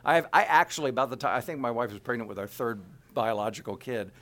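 A man's voice: mid-range voice, quick pace. A middle-aged man from Kansas City, a voice actor chatting in an interview and slipping into character voices as he talks. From Kansas City, USA. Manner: animated, slips into character voices mid-sentence. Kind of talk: casual interview chat.

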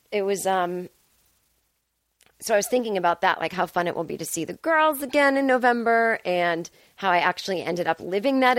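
A woman in her forties hosting a podcast from home, talking casually and swearing freely, acting out quotes in a higher voice. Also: no room sound. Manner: chatty and profane, acts out quotes in a higher voice. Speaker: podcast host. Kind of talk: casual solo monologue.

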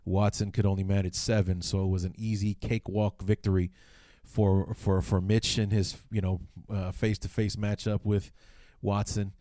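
A man's voice: fairly low pitch, flat delivery, normal speed, mellow, dry recording, clean studio sound. A man hosting a casual sports podcast, rambling with lots of fillers and restarts. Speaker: podcast host.

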